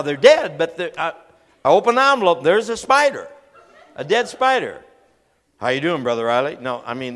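A man preaching a storytelling sermon in a folksy, animated way, acting out voices as he tells stories. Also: medium pitch. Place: large church hall. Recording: long hall reverb.

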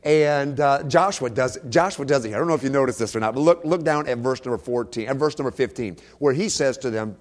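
A man preaching a sermon in a church, emphatic, repeating key phrases and swinging from soft to loud. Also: mid-range voice, fast talker, few pauses. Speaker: pastor.

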